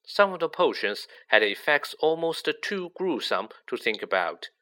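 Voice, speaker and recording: A man reading a children's novel aloud as narrator, with lively expression. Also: on the high side, unhurried. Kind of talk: audiobook reading.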